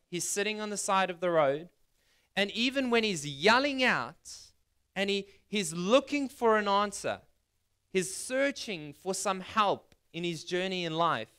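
A man preaching a sermon in a bright, crisp voice that sits a little higher than most men's. He talks conversationally, asking questions of his listeners and putting scripture into everyday words. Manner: reads scripture aloud and retells it in plain words. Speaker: pastor.

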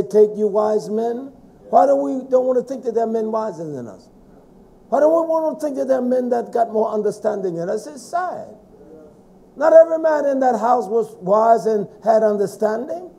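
A middle-aged man preaching a fervent sermon, swinging between loud shouting and low, quiet asides.

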